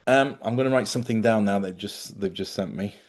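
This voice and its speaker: A man hosting a spiritual live stream, chatty and animated, often laughing as he talks. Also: on the low side, fairly quick. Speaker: spiritual host.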